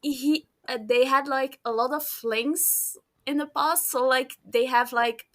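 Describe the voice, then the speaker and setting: Brief: woman podcast guest, high voice, slow and hesitant. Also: fairly bright tone. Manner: hesitant, lots of filler words. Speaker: podcast guest, campaign player. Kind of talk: casual chat.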